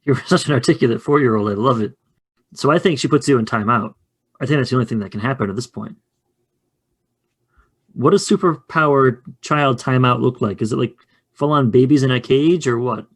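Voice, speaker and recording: A man casually running a two-player tabletop game, chatty and quick to laugh. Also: medium pitch, slightly rough. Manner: chatty, laughs often, loose. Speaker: game facilitator. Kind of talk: casual actual-play chat.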